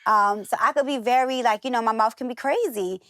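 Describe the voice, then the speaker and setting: A woman's voice: on the high side, brisk, fairly bright tone, no room sound, clean studio sound. A woman from the northern United States, a guest in a casual interview, chatting and acting out the voices of the people in her stories. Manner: chatty storyteller who acts out quoted voices.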